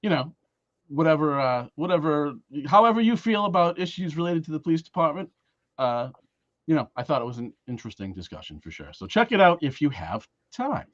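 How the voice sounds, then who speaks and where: A man hosting a local podcast, talking in a rambling, halting way with many fillers and restarts. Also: on the high side, very animated, no echo. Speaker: podcast host. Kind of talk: casual podcast chat. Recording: dry, dull lo-fi sound.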